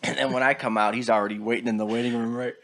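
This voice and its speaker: A man hosting a podcast, telling a crude story in casual chat, acting out quotes and breaking into loud laughter. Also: mid-range voice, steady tone, very fast, no echo. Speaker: podcast host.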